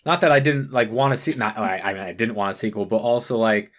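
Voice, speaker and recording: Podcast co-host, casual chat, ranting, heavy swearing, stumbling restarts, mid pitch. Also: fast.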